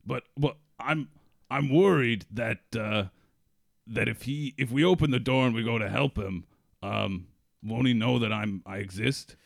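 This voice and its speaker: Gravelly, deadpan man in a comedy sketch. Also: medium pitch, unhurried, dry recording, studio quality. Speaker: podcast co-host.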